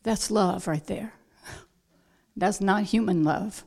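A woman delivers a sermon at a slow, deliberate pace. She leans into emphatic lines and then drops to soft, quiet asides, keeping a mid-range voice throughout. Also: medium pitch, gravelly. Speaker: preacher.

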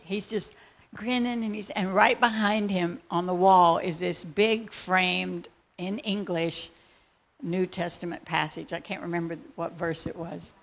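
A woman telling a faith testimony as a lively, excitable story. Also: mid-range voice. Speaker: speaker sharing a faith testimony.

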